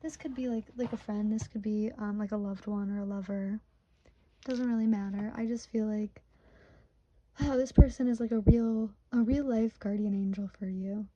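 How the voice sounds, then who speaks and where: Close to crying, a twentysomething woman from Michigan, USA, gives an easygoing tarot reading full of "like" fillers and emotional chatter. Her voice is medium in pitch, steady, mellow, and moderately paced; the audio is dull with no echo.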